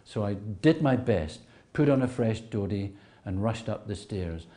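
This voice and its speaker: A man recalling a personal memory in a reflective, storytelling way, often repeating words and dropping to soft asides. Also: on the low side, expressive, unhurried.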